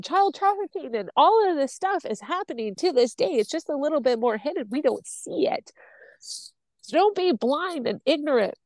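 Animated woman telling a personal story. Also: on the high side, dry recording. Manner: animated, acts out other people's voices while telling the story; blunt and impassioned, swears freely. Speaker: podcast guest.

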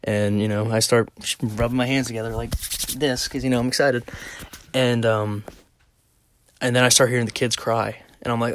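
A man's voice: mid-range voice, little pitch movement, moderate pace, a bit bright. A man hosting a podcast who tells a story in a casual, rambling way, swearing often and laughing now and then. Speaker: podcast host.

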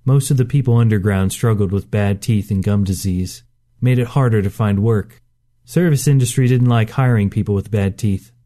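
A man narrating a short story in a steady, measured reading. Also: fairly low pitch. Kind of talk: scripted narration.

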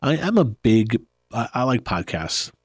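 A man hosting a podcast in a relaxed, rambling chat, often laughing. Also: mid-range voice, unhurried, husky, no room sound, clean studio sound. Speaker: podcast host. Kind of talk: casual chat.

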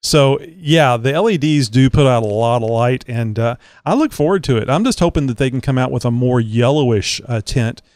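A man's voice: medium pitch, expressive, moderate pace, hardly any pauses, darkish tone, no echo, studio quality. Rambling, joking podcast host, man. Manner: rambling, joking, many filler words. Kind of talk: casual podcast chat.

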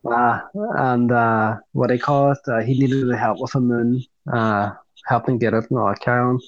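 A man co-hosting a podcast, rambling and quick to laugh in casual chat. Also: medium pitch, flat delivery. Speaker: podcast co-host. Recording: dull lo-fi sound.

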